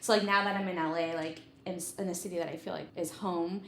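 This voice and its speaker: A woman's voice: lowish voice, steady tone, fast talker. A woman hosting a casual chat in an upbeat, encouraging way, saying "like" often. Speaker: podcast host. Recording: echoey room, faint background ambience.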